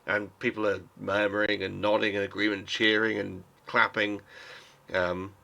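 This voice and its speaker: Man running a tabletop game, bright voice. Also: lowish voice, little pitch movement, normal speed, vocal fry. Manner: casual, hesitant with many fillers. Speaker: game master.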